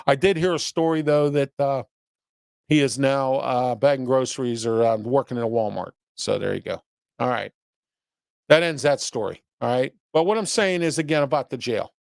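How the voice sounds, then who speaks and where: A man's voice: medium pitch, moderate pace, gravelly, a little mellow, no room sound, clean studio sound. Blunt, scolding male commentary host. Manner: blunt, scolding, rhetorical questions; rambling with restarts and repeated "okay?". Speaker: host of a local commentary show. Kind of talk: opinion commentary, reading viewer chat.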